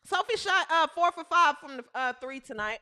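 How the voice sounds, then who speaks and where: A woman hosting a comedic women's basketball show, talking over game highlights. She exclaims, laughs often and repeats lines for emphasis. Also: animated, moderate pace, pushed and bright.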